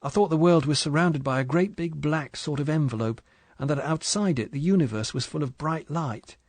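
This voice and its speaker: A man voicing a timid, lonely young wife from England, speaking softly with a strained eagerness. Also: medium pitch, brisk, no echo, pitched above the performer's own voice, natural voice. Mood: soft wistful.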